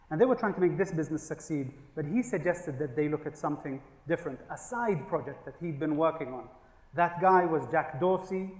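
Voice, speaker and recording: A man giving a humorous business keynote, telling stories and asking the audience questions. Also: a little high. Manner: storytelling with jokes and rhetorical questions. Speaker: conference speaker. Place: large conference hall. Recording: echoey hall with long reverb.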